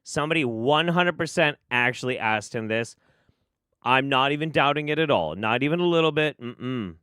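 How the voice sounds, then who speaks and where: A man's voice: medium pitch, expressive, normal speed, sharp tone, smooth, dry recording, clean studio sound. A man hosting a stream, commenting on clips with sarcasm and swearing. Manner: sarcastic, profane. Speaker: host.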